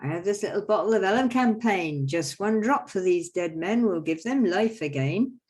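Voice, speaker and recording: A woman's voice: mid-range voice, expressive, moderate pace, darkish tone, close to an everyday voice. A woman voicing a comic, boastful quack doctor from a folk mummers' play, reeling off rhymed claims of cures. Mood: showy. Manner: rattling off rhymed boasts, showman patter.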